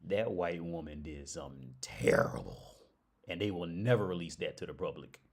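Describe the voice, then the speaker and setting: A young man hosting a casual livestream, swearing freely and breaking into loud laughs. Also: low voice, sing-song, normal speed, vocal fry, breathy edge. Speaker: livestream host.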